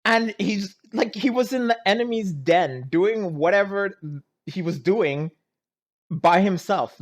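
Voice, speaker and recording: A man talking casually as he reacts to a movie, exasperated and rambling, often groaning and laughing at it. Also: on the high side. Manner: keeps restarting and saying "anyways, let's keep going".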